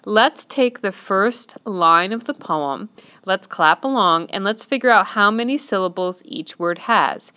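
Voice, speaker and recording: A woman's voice: mid-range voice, expressive, unhurried, pushed and bright. A woman teacher narrating an instructional lesson, patiently counting and clapping out syllables step by step.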